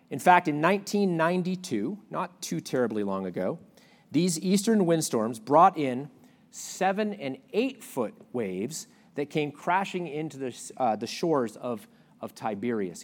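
A man preaching a sermon, asking the listeners questions and swinging between loud outbursts and hushed lines. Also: on the high side. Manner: asks the audience questions. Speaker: pastor.

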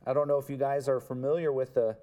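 A man's voice: medium pitch, flat delivery, quick pace, mellow. A man preaching an expository sermon, earnest and emphatic, repeating words for stress. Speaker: pastor.

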